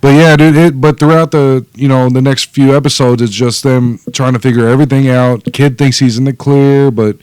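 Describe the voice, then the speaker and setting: A man's voice: mid-range voice, steady tone, fairly quick, few pauses, darkish tone, clear, resonant tone, dry recording. A laid-back man co-hosting a casual show review, saying "dude" often. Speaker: podcast co-host.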